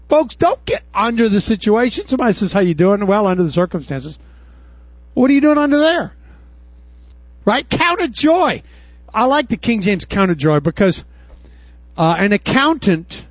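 Animated, high-voiced male preacher. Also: no echo, dull audio. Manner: animated preaching, swings from loud high bursts to low murmurs; casual, folksy, says "dude" and "y'all". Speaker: pastor. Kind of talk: sermon.

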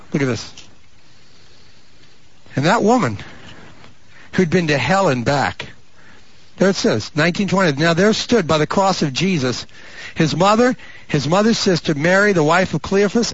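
A pastor preaching a sermon with a husky, rather high voice that swoops constantly. He climbs into drawn-out fervent shouts and drops into mock voices for his asides. The recording is muffled and lo-fi. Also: expressive, dry recording. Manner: rising to fervent, stretched-out shouts.

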